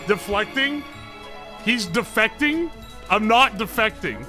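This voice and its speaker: Bright, lively Appalachian man streaming. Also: sits high. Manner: joking, animated, reads chat messages aloud and answers them. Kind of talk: casual live-stream chat.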